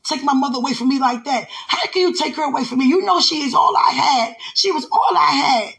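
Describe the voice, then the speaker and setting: A man's voice: huge pitch swings, rapid-fire, gravelly, bright, forceful tone, exaggerated voice. A man voicing a weeping grieving woman. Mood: grieving, angry. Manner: high, tearful pleading. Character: grieving woman crying out angrily to God.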